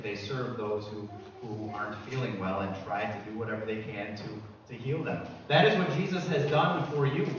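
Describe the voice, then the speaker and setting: A man's voice: mid-range voice, slight background noise. Guy preaching a sermon, emphatic, big roomy church echo, mic kinda far off. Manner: emphatic, rising to loud repeated declarations. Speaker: pastor. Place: church sanctuary. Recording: echoey church from a distance.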